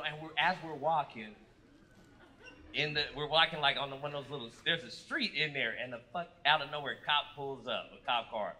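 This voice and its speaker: A stand-up comedian from Fresno works a club crowd, his voice pitched high as he acts out his stories at full volume. He speaks into a handheld mic on stage. The live recording carries plenty of room noise. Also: moderate pace. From Fresno, California. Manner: animated storytelling with loud acted-out quotes.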